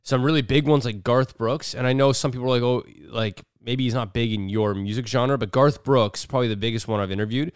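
Smooth-voiced chatty male host. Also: medium pitch, brisk, hardly any pauses, no echo, clean studio sound. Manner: animated storyteller, mimics others. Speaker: podcast host. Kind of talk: casual chat.

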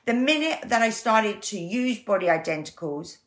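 A woman's voice: medium pitch, moderate pace. A woman, a guest telling her story candidly and acting out the voices she quotes. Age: 50s. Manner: animated, acts out quoted voices.

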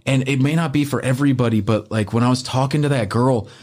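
A man telling a story on a casual podcast, animated and swearing often, with a jump into a high voice when he acts out what was said. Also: quick pace.

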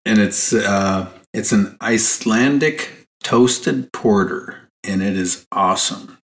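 A man's voice: fairly low pitch, slow, fairly bright tone. A man co-hosting a casual podcast, dropping dry wisecracks. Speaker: podcast co-host. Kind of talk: casual chat.

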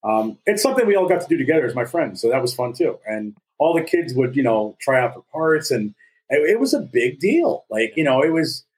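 A man's voice: medium pitch, big pitch swings, a little fast, poor audio. A man in his forties co-hosting a casual podcast, telling stories with jokes and a lot of filler words. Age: 40s. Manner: jokey storyteller, slips into silly put-on voices. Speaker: podcast co-host. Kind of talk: casual chat.

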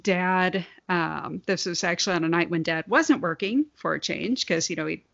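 Woman, forties, podcast co-host, candid, casual swearing, low voice, gravelly fry. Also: normal speed, fairly bright tone, dry recording, highs cut off. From grew up on a farm. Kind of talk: casual chat.

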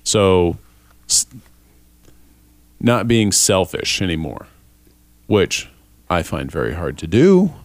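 Low-voiced man hosting a faith talk. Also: slow pace, pauses often, no echo. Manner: relaxed, rambling, self-deprecating. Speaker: podcast host.

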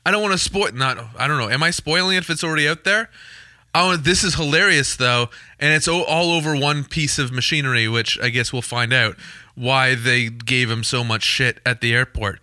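Bright joking Canadian podcast host. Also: male voice, a little high, dry recording, clean studio sound. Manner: joking, quick, laughs often. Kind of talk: casual podcast chat.

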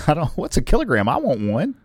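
Wisecracking podcast co-host, wildly varied pitch. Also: male voice, wildly swooping pitch, fairly quick, breathy edge, no room sound, studio quality. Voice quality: quips and teasing interjections. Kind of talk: casual chat, wisecracks.

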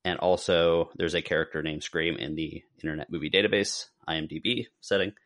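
A man's voice: deep voice, fairly even intonation, fairly quick, a bit bright. A man co-hosting a podcast in casual chat, rambling a little and correcting himself as he goes. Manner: rambling, self-correcting, lists names. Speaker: podcast co-host.

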